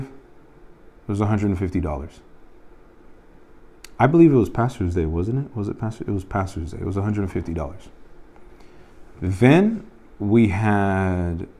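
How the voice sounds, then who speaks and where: A youth pastor with a fairly low voice speaks to a small group seated around a table. He tells a story in a relaxed, conversational way and stops to put questions to his listeners. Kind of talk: informal teaching to a small group.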